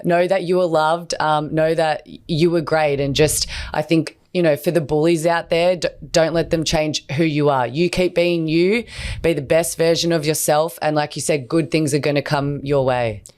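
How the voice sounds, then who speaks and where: A woman co-hosting a podcast, speaking warmly and encouragingly as she wraps up the episode. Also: low-pitched, fairly even intonation, moderate pace, smooth. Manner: warm, encouraging, wraps up the show. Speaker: podcast co-host. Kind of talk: casual podcast chat.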